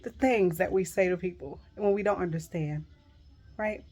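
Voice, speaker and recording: A woman's voice: on the low side, normal speed, darkish tone. A middle-aged woman giving a heartfelt devotional pep talk to viewers, earnest and emphatic, repeating reassuring phrases. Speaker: Christian encourager speaking to viewers.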